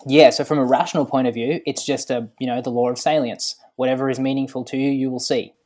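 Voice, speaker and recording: Thoughtful man explaining slowly. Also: mid-range voice, flat delivery, darkish tone. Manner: thoughtful, explains slowly with many fillers, laughs often. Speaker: guest. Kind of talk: casual podcast conversation.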